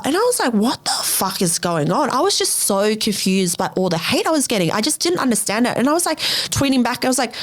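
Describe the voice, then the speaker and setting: A young woman hosting her own podcast, telling a personal story bluntly, swearing a lot and scattering "like" fillers, and her voice jumps high when she replays her own reactions. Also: lively intonation, normal speed, hardly any pauses. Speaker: podcast host. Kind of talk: candid storytelling in a casual chat.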